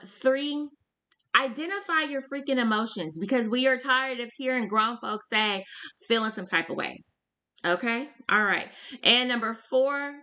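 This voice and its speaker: A woman's voice: fairly high pitch, sharp tone. A woman co-hosting a podcast in casual chat, talking straight to listeners with emphatic rhetorical questions. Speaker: podcast co-host.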